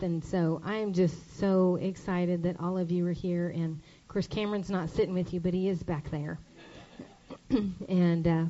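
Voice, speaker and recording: A woman's voice: lowish voice, dark tone, muffled recording. A middle-aged woman pastor giving an emotional, grateful speech from the church stage, repeating her thanks.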